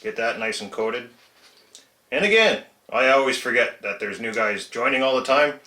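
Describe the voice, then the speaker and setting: Bright-voiced man chatting through a repair. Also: medium pitch, expressive, normal speed, echoey room. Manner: chatty, self-mocking, chuckles while working. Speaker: RC truck hobbyist channel host. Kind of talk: casual workshop how-to vlog. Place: home shed workshop.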